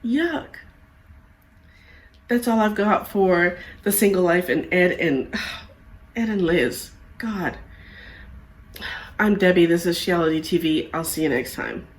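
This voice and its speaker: Low-voiced sarcastic woman recapping TV. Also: unhurried. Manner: exasperated, sarcastic commentary. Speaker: reality TV recap host. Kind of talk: casual show recap.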